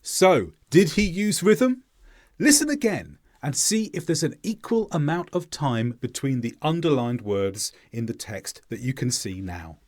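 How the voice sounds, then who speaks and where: Guy teaching english, voice bounces up and down a lot, slightly high, explains slow and clear. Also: very animated, a little mellow.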